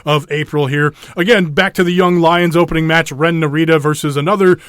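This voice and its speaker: Rambling man on a wrestling podcast, higher voice. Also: fairly even intonation, brisk, fairly bright tone, clean tone, dry recording, studio quality. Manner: rambling, many restarts and fillers, laughs often. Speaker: podcast co-host. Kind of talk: casual podcast chat.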